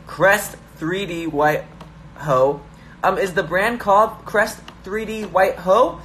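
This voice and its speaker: A man's voice: high voice, slow, sharp tone, slight background noise. A young man hosting a live stream from his phone, hyper and joking as he reads viewer comments aloud. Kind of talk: casual live-stream chat.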